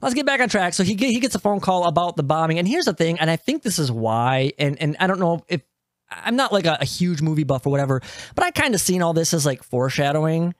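A man's voice: fairly high pitch, quick pace, dry recording, clean studio sound. A man co-hosting a movie podcast, leading a casual discussion and steering it back on track. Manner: steers the talk, animated and emphatic. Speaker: podcast co-host.

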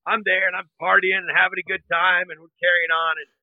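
Man, casual storyteller, animated, high voice, dry close sound, phone-line tone. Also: fast talker, dry recording. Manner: animated, imitates others' voices in anecdotes. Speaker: guest.

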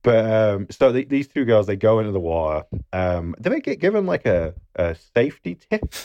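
A man's voice: fairly low pitch, sing-song, dull audio, a little hiss or hum. A man co-hosting a podcast, casually recapping a film with jokes and swearing. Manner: jokey, swears, quick asides. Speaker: podcast co-host.

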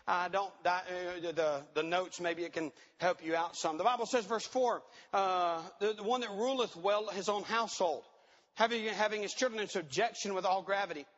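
High-voiced man preaching in a hall. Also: moderate pace, fairly bright tone. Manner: reads scripture aloud and repeats key words for emphasis. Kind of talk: sermon. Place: church conference hall. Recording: dull recording in a reverberant hall.

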